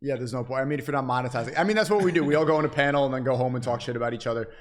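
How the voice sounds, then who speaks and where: A young man hosting a casual livestream, talking fast and animatedly, swearing and reading out chat donations. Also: medium pitch. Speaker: streamer host.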